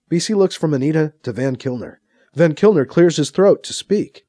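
A man narrating a science fiction audiobook in an expressive, plain manner. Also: on the high side, moderate pace, dry recording, clean studio sound.

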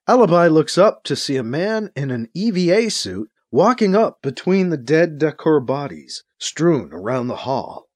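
A man narrating a science fiction audiobook in a dramatic, expressive reading. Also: fairly high pitch, measured pace, few pauses, no echo, clean studio sound. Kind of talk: audiobook narration, acting out scenes.

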